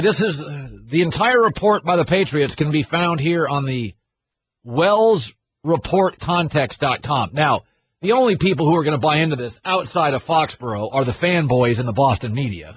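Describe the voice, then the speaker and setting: A man's voice: a little high, dull audio, slight background noise. A man hosting a sports radio show, ranting and sarcastic in disbelief. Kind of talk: opinionated sports talk.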